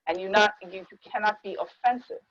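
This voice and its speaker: A woman in her thirties hosts a casual discussion, speaking emphatically, circling back over her points and slipping into quoted voices. Her voice sits at a middling pitch, and the sound is slightly muffled. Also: fairly quick. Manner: emphatic, repeats herself, acts out quoted speech. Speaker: podcast host.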